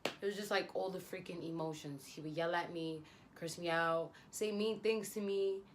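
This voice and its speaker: Animated young woman telling a story. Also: lowish voice, normal speed, slight background noise. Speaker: beauty vlogger. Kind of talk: storytime vlog.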